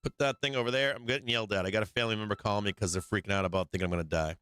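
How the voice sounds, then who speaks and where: A man's voice: on the low side, very fast, fairly bright tone, clean tone, no room sound. A man hosting a stock market stream, talking through charts in a brash, profane, hyped-up way and speaking straight to his viewers. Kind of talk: casual live chart commentary.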